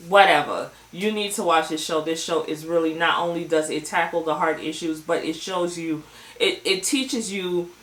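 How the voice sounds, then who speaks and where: Woman vlogger with a lowish voice, swearing and lively as she recaps a show, echoey room. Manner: animated, profane storytelling. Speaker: TV show reviewer. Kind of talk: casual episode recap vlog.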